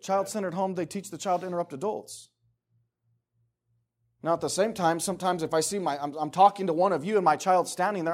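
A middle-aged man preaching a casual sermon, talking conversationally and emphatically and acting out the voices he quotes. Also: sits high.

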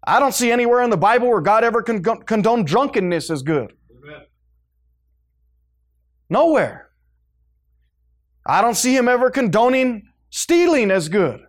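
A man preaching a fiery sermon to a congregation, swinging between loud emphasis and hushed, low-pitched lines. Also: expressive, moderate pace, pauses often. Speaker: pastor.

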